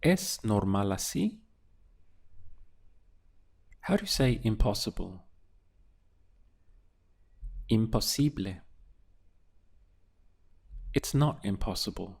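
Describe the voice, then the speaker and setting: A man teaching a language lesson, prompting a phrase and then answering it slowly, word by word. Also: fairly low pitch, very animated, gravelly. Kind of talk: slow drill-style language lesson.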